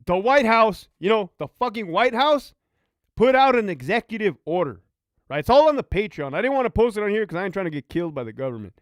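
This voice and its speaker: Male streamer, high lively voice, dry close sound, animated and profane. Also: no room sound. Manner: animated, profane, reads out viewer comments. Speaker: livestream host, former prison officer. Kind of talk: casual livestream chat.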